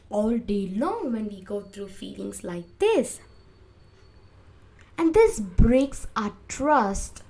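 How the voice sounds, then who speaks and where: A young woman speaks alone on her podcast, unhurried and drawn-out. Her voice sits at a middle pitch and swells suddenly louder when she acts out what people think in pain. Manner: slow, emotive, acts out inner voices with big swings in loudness. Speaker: podcast host. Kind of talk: reflective podcast monologue.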